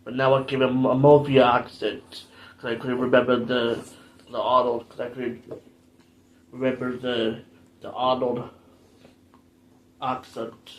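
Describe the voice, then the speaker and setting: A man's voice: medium pitch, little pitch movement, measured pace, long pauses, a little hiss or hum. A man hosting his own playthrough video, talking in a rambling, jokey, self-deprecating way. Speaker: gaming channel host. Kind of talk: casual game commentary.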